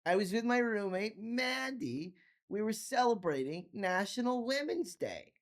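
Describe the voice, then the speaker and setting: A man voicing a drunk young woman who talks slowly and vaguely while defending her night out. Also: high-pitched, very animated. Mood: tipsy, vague. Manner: slow, drawn-out and vague.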